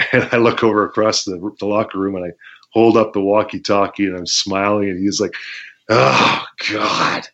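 Man, deep and low, relaxed raconteur with fillers; muffled lo-fi recording. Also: normal speed. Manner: laid-back, laughs while telling stories, many fillers. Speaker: former pro wrestler, guest. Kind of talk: casual interview storytelling. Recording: muffled lo-fi audio.

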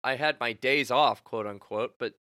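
A young man co-hosting a podcast, chatting casually and telling animated stories with lots of laughter and acted-out quotes. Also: mid-range voice, normal speed, dry recording, clean studio sound. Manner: laughs often, animated storytelling with voiced quotes. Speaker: podcast co-host. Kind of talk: casual chat.

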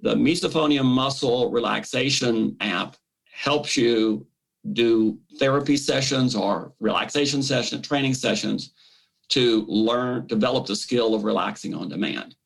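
Man, gravelly, animated therapist-guest explaining step by step. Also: medium pitch, a little slow, poor audio. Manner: animated, acts out the brain's voice in quotes. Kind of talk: explanatory interview talk.

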